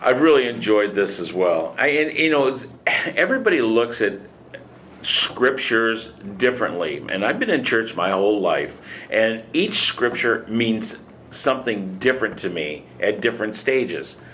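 A man's voice: fairly low pitch, animated, unhurried, fairly bright tone, a little hiss or hum. An older man hosting a casual men's Bible study discussion, talking in a reflective, folksy way. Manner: reflective, folksy, thinks aloud.

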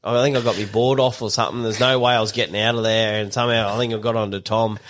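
Laid-back young Aussie bloke. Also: male voice, on the low side, little pitch movement, fairly bright tone. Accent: Australian, Central Queensland. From Australia. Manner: laid-back, halting storytelling. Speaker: podcast guest. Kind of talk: casual chat, recounting a story.

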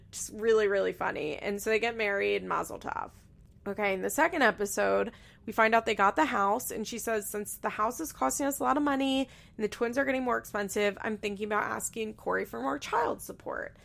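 A woman's voice: fairly high pitch, animated, brisk, vocal fry, fairly bright tone. A young woman recapping a reality show in a chatty, gossipy way with sarcastic asides. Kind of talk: casual recap commentary.

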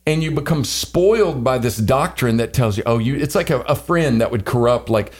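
A male podcast co-host who talks in an emphatic, preacher-like way, throwing out rhetorical questions and jokes. His pitch sits in the ordinary middle for a man. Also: lively intonation, normal speed. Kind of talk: casual podcast discussion.

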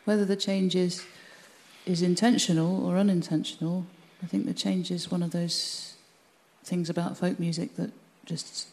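A woman from Birmingham, a folk musician, chatting with lively enthusiasm and frequent repeated words. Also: on the low side, moderate pace. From Birmingham, England. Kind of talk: casual interview chat.

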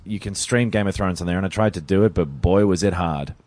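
A man's voice: low voice, fast talker, a little mellow, dry recording. A young man, a podcast guest who chats in a rambling, laid-back way and swears casually. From Australia. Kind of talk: casual remote chat.

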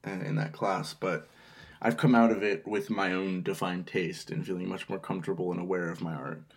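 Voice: deep voice, steady tone, normal speed. A co-host in their twenties from the United States, chatting on a podcast in a rambling, hesitant way with many fillers. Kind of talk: casual chat.

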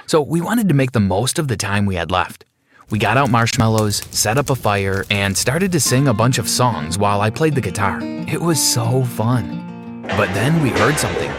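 Animated male story narrator. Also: fairly low pitch, moderate pace, music in the background.

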